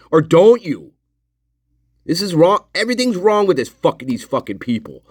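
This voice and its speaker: A man's voice: sits high, big pitch swings, normal speed, slightly rough, no room sound, studio quality. A man commenting on interview footage in an angry, sarcastic, profane rant.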